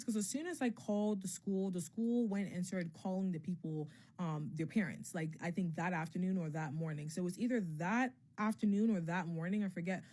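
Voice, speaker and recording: A young woman casually telling a personal story for a vlog, candid and profane, with lots of filler words and an emotionally animated delivery. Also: lowish voice.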